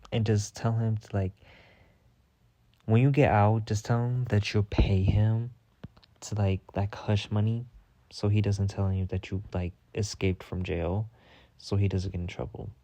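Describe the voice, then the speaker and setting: A man's voice: on the low side, fairly even intonation, measured pace, mellow, dry recording. A man hosting a storytime podcast, telling a story in a sassy, dramatic way with heavy cursing. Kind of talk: casual profane storytime rant.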